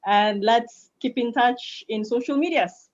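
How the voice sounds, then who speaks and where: A woman with a Malaysian accent, a public speaking coach answering questions in an online session, lively and laughing easily. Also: fairly high pitch, measured pace. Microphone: video call. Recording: lo-fi video call audio.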